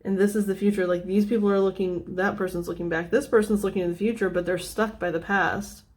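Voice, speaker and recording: A woman giving a casual tarot reading, thinking out loud with lots of fillers and restarts, often dropping to a soft, near-whispered tone. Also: medium pitch, steady tone, quick pace. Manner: meandering, thinking aloud with many fillers. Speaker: tarot reader.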